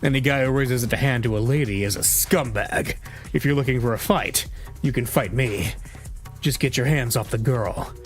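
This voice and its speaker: A man's voice: medium pitch, normal speed, faint music behind, close to an everyday voice. A man voicing a cocky, taunting adult male journalist in a game read-through. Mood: urgent. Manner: taunting, wisecracking.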